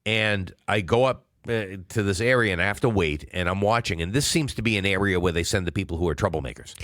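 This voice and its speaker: Deep-voiced man telling a rambling story. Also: fast, a bit bright, dry recording, studio quality. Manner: rambling, long-winded anecdote telling. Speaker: podcast co-host. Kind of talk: casual storytelling chat.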